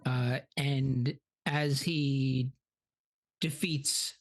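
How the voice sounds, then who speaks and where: A man's voice: medium pitch, fairly even intonation, very slow. Rambling man hosting a comedy podcast. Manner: rambling, full of ums and uhs. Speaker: podcast host recapping the film. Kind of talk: casual comedy podcast chat.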